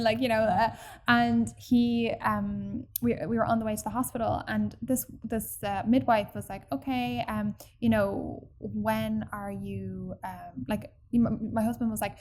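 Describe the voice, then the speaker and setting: A woman telling a personal story in casual podcast chat, animated and full of fillers. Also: a little high, measured pace, few pauses, a little hiss or hum. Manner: chatty and animated, acts out quoted people, many fillers.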